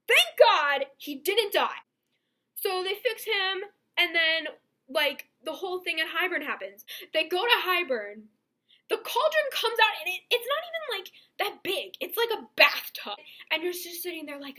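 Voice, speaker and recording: A young woman giving an excited, rambling book review to her viewers, gushing with many asides. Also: very high-pitched, moderate pace.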